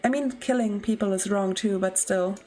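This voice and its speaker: A woman's voice: medium pitch, normal speed, low-quality recording. A young woman streaming a game, talking casually and emotionally, swearing as she reacts. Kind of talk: casual gameplay commentary.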